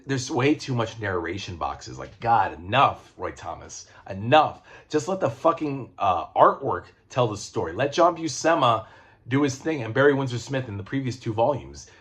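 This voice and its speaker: A man casually reviewing comic books, rambling and excitable, swearing freely and restarting his sentences. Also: mid-range voice. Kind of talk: casual chat.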